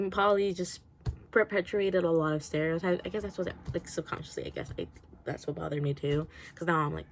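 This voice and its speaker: A woman rants through a book review in a loose, rambling video-diary style. Her voice sits a little low for a woman, and she swears freely and keeps breaking into laughter as her thoughts run on.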